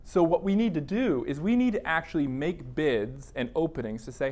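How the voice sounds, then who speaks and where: A man lecturing a counseling class in a classroom. His voice sits somewhat high for a man, and he keeps things conversational, slipping into quoted inner thoughts as he explains. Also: animated, normal speed, hardly any pauses, a little mellow. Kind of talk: university lecture.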